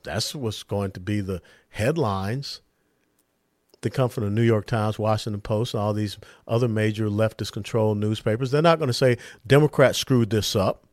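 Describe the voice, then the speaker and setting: A man's voice: fairly low pitch, normal speed, a little mellow, no room sound, studio quality. A man hosting a political podcast, giving an emphatic commentary monologue and asking rhetorical questions. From lives in Texas. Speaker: podcast host.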